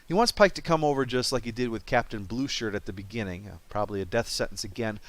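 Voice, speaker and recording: A man's voice: lowish voice, fast, no echo. Sarcastic wisecracking male game reviewer. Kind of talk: comedic review narration.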